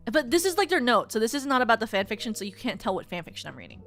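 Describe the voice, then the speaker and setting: A young adult woman streaming live, chatting in a bubbly, rambling way with many fillers and excited squeals. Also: fairly high pitch, a little fast, pauses often, faint music behind. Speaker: VTuber streamer. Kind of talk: casual live-stream chat.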